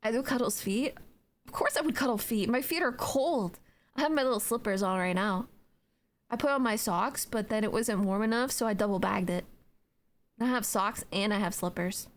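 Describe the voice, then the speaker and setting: At medium pitch and normal speed, a young adult Twitch streamer talks casually with her chat from home, reading comments aloud. She rambles playfully, leaning on fillers and yawning along the way.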